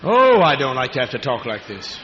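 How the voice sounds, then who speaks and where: Profane, commanding male preacher barking orders, bright edge, faint hiss. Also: medium pitch, wildly swooping pitch, fairly quick. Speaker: preacher and faith healer. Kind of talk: fiery healing-service sermon. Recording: dull lo-fi archive recording in a reverberant hall.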